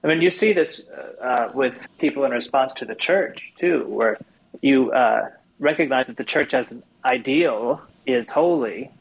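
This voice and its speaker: A man's voice: medium pitch, a little slow, gravelly, breathy edge, poor audio. A man in a casual literary discussion, speaking thoughtfully with hesitant fillers.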